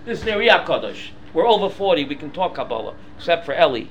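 Animated high-voiced male Bible teacher. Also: fast, muffled recording, slight background noise. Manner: animated, quizzing students with questions. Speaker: Torah teacher. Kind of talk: classroom Bible lesson.

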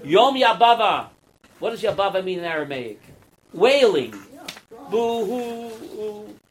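A man's voice: high-pitched, big pitch swings, moderate pace, slight background noise. A man giving a Torah class as a rabbi, quizzing his students and acting out parables.

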